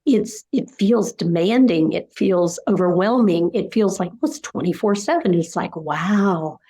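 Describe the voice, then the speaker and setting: A woman's voice: on the low side, expressive, measured pace, mellow, slightly rough. An older woman, a dementia care educator, answering interview questions in an emphatic way, repeating phrases in short rhythmic runs and acting out caregiver scenes. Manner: acts out caregiver scenarios mid-answer.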